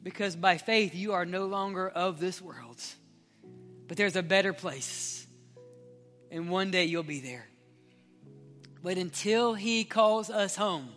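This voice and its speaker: A man preaching a sermon as pastor, passionate and swinging from loud appeals to hushed, near-whispered prayer. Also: high voice, takes it slowly, long pauses. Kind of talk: sermon with altar-call prayer. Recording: hall reverb with faint music.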